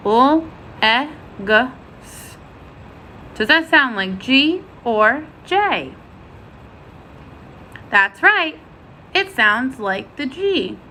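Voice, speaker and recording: Woman teacher, slow careful phonics lesson, bright clear tone, faint hum behind. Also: high-pitched, big pitch swings, poor audio. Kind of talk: first-grade phonics lesson.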